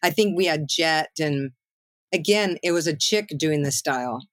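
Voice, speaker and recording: A woman's voice: sits low, moderate pace, dry recording. A middle-aged woman songwriter talking as a guest in a loose, rambling way, full of "you know" and "like". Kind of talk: casual interview chat.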